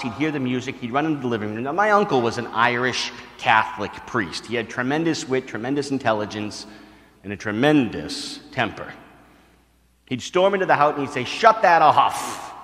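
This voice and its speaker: A man's voice: medium pitch, fairly bright tone, long reverb tail. A male priest giving a retreat sermon, telling stories and asking his listeners questions. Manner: storytelling, talks to the crowd with questions.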